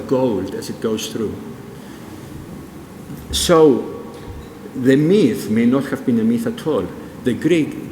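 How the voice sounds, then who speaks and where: A man's voice: medium pitch, noisy background. An older man giving a public presentation, telling stories and putting questions to the audience. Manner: storytelling, quizzes the audience. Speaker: speaker at a public event. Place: large museum hall. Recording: long hall reverb, faint room ambience.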